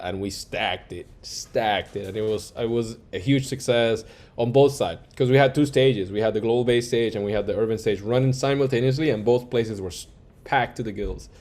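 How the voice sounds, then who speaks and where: A fairly low-pitched male music producer swaps stories in a relaxed interview, lively and full of energy. He acts out what people said and sprinkles his speech with "like" and "yo."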